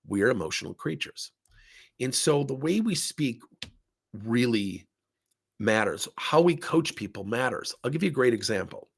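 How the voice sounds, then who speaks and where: Here a middle-aged coaching consultant for workplaces talks straight to camera at a moderate pace. His mid-range voice carries vocal fry and a breathy edge as he animatedly tells stories, voicing each person he quotes.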